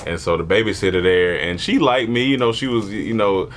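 A man telling a comedic childhood story in casual chat, animated and laughing often, acting out voices. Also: on the low side, brisk, a little hiss or hum. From born in Germany, grew up partly in Panama.

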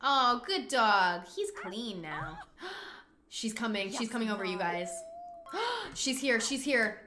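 A woman hosting a casual let's-play, talking excitably to her viewers, with gasps, exclamations and swearing at the game. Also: a little high, slow, background noise. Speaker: gaming channel host. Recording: echoey room.

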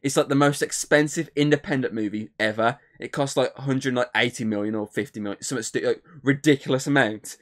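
A man's voice: medium pitch, a little fast, hardly any pauses. A man co-hosting a podcast, rambling through a film recap with lots of fillers and swearing. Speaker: podcast co-host. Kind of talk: casual podcast chat.

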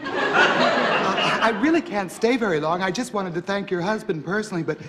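Polite stage performer, soft-spoken man, lilting melodic voice, gracious, loud laugh track. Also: sits high, lively intonation, normal speed, heavy background noise. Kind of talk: 1970s sitcom acting. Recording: old TV tape with loud audience laughter.

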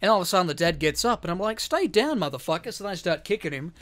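A man's voice: sits high, very fast, fairly bright tone. A young man co-hosting a podcast, telling a story in casual chat, swearing freely and acting out the quotes. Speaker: podcast co-host.

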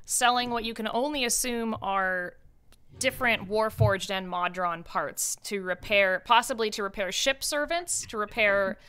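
A woman's voice: mid-range voice, unhurried, sharp tone, smooth. A woman running a tabletop role-playing game, narrating scenes in a loose, descriptive way with many fillers. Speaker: game master.

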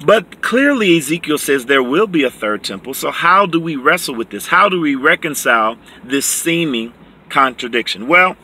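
A man teaching from the Bible, reading verses slowly and explaining them emphatically, often checking in with "okay?". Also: on the high side, lively intonation, sharp tone, breathy edge. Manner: reads scripture slowly and deliberately.

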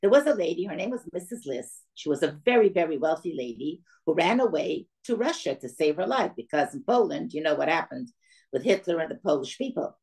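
A woman's voice: deep voice, a little fast, rough recording. Older woman telling a family story. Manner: animated storyteller acting out quoted voices. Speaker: guest speaker. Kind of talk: storytelling talk to an audience.

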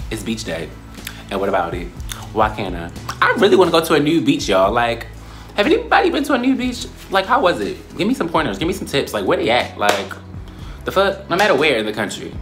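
A young man in a casual vlog, talking in a playful, slangy way and often breaking into high squeals. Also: a bit bright. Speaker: YouTuber.

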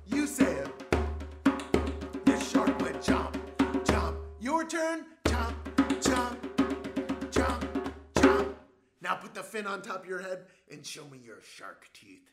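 A man's voice: high-pitched, sing-song, takes it slowly, long pauses. A man teaching a music class for small children, playful and leading call-and-response. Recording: roomy sound with loud music. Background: drumming and music.

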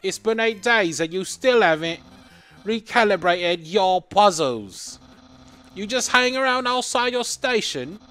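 A man's voice: high-pitched, expressive, a little slow, pushed and bright, clean tone, pitched above the performer's own voice, heavily acted. A man voicing a boastful, eager skeleton with a stilted mock-British delivery. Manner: bombastic, self-important, stilted mock-British.

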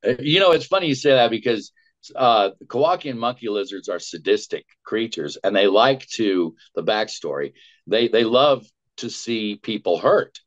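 A man's voice: lowish voice, normal speed. An older man, a voice actor, telling an anecdote in an interview and acting out the lines he quotes. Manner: lively storyteller, acts out quotes and cackles. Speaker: voice actor guest. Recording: dull lo-fi sound.

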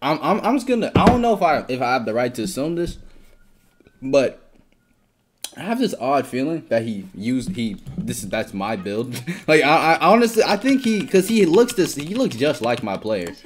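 Excitable young man trash-talking over gameplay. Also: mid-range voice, normal speed. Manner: excitable, swears a lot, trash-talks teammates and opponents. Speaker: gaming YouTuber. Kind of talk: casual gameplay commentary. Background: background music.

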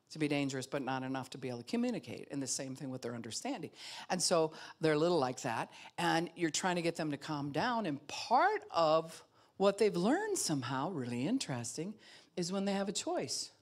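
A woman pastor preaching a sermon in an animated way, acting out other people's voices and laughing often. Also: sits low, normal speed.

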